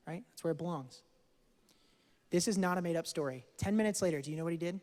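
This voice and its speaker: A young man preaching a sermon, telling a story in an animated way that swings from hushed to loud. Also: a little high, fast talker, long pauses. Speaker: pastor. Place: church hall. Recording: church hall with long reverb.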